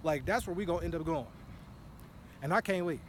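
A man talking casually in an earlier video clip, excited and rambling. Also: on the high side, brisk, a little hiss or hum. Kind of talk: casual talk in his own earlier video.

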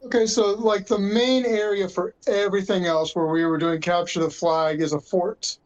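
High-voiced man, slightly lo-fi. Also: level tone, normal speed. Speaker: podcast co-host. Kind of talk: casual chat.

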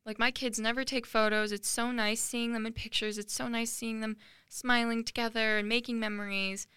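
A woman's voice: fairly high pitch, level tone, moderate pace, pushed and bright, smooth, no room sound, clean studio sound. A young woman in her late teens hosting a podcast, talking earnestly and emotionally in a rambling personal monologue with many fillers. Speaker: podcast host.

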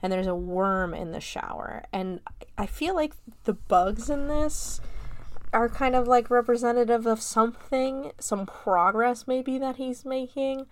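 A woman's voice: on the high side, measured pace, no room sound. A woman in her late twenties recapping a film in a casual, chatty way, swearing freely, laughing often and filling her talk with "like.". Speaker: film reviewer.

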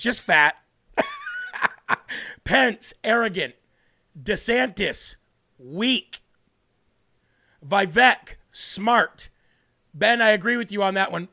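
Animated American man hosting political commentary. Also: high voice, vocal fry. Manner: animated, mocking, frequent laughs and rhetorical questions. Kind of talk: live online political commentary.

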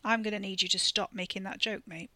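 A man's voice: high-pitched, steady tone, fast, bright, forceful tone, no echo, exaggerated voice. A woman voicing a blunt, laconic young man. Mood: dry. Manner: blunt, dry, swearing. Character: muscular British cousin, blunt and laconic.

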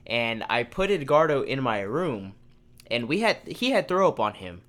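A man's voice: mid-range voice, sing-song, normal speed, a bit bright. A young man hosting a podcast, telling a story casually, acting out quotes and swearing freely. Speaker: podcast host.

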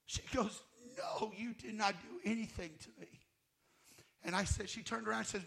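A male guest minister preaching a sermon, telling his own story with emotion, swinging from fervent loud passages to hushed near-whispers. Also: high voice, moderate pace, creaky. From United States. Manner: emotional testimony, voice rising to loud fervor and dropping to near-whisper.

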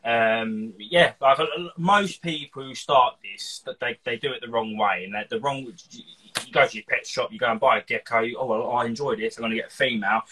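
Chatty husky man. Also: mid-range voice, a little fast, hardly any pauses, sharp tone, low-quality recording. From Cheshire, England. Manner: chatty, rambling, laughs often. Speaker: host of a live show. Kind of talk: casual chat.

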